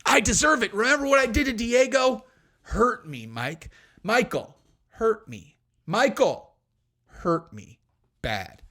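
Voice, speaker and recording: A man's voice: sits high, lively intonation, takes it slowly, pauses often, bright, forceful tone, voice pushed up, full character voice. A man voicing a grown man who begs for punishment in a pleading, flirty way, with big theatrical swoops. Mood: mock pleading.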